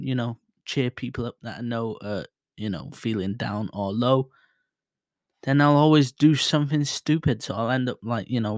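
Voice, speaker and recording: A man in his thirties rambles through a casual solo podcast from home, self-deprecating and prone to loud bursts of excitement. He sits about a foot back from his mic, and the sound is dry and close, with little room in it. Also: mid-range voice, dry recording. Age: 30s. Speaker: podcast host. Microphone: desk mic set to far mode, about a foot away.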